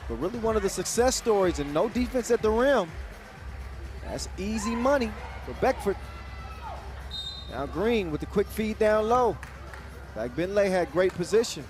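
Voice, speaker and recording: A man giving quick, energetic, joking play-by-play commentary at a live basketball event. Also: sits high. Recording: broadcast mix with loud crowd and music.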